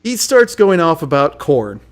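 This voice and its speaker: A man narrating a tabletop game as its game master. His voice sits a touch high, and he tells the story loosely, laughing often. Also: big pitch swings, measured pace.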